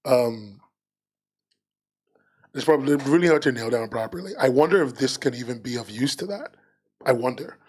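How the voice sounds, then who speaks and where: A man chatting casually as a podcast co-host on a livestream, at a middle pitch. He rambles, restarts his sentences and leans on fillers as he thinks aloud. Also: animated, moderate pace, pauses often, darkish tone.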